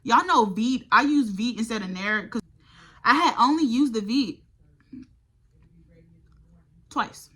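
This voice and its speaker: A woman's voice: on the high side, lively intonation, takes it slowly, pauses often, pushed and bright, breathy edge. A young woman vlogger telling a college storytime in a casual, profane, exasperated way. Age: young adult. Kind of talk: storytime vlog.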